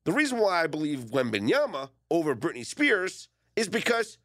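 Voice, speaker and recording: A man's voice: a little high, brisk, dry recording. A man hosting a sports radio show, joking and bantering with his co-hosts in a studio. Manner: joking, animated, reads quotes aloud. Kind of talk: casual sports talk banter. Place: radio studio in Las Vegas. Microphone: studio microphone.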